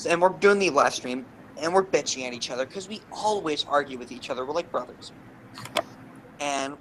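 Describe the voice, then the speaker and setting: A young man and podcast co-host telling rambling, animated gaming anecdotes, swearing freely. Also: on the high side, a little hiss or hum, low-quality recording. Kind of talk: casual storytelling.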